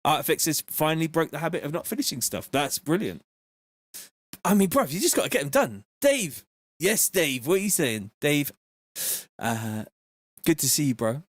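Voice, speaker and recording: A man's voice: on the high side, very animated, moderate pace, dry recording. Chatty man. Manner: reads out chat messages, chatty, slangy. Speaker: music producer streaming live. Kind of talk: casual live-stream chat.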